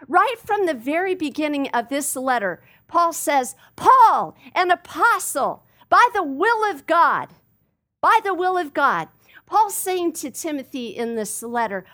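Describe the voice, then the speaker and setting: A woman preaching a sermon in an earnest, emphatic way, speaking straight to her listeners. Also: a little high. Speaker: Bible teacher.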